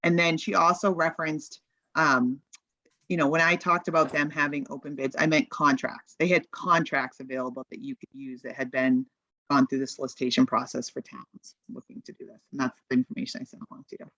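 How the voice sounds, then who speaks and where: A woman's voice: rumbling low, fairly even intonation, a little fast, fairly bright tone, dry recording. Woman advising over a dull, dry call. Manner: practical, explanatory, thinks aloud. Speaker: outside advisor to a town committee. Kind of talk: meeting discussion.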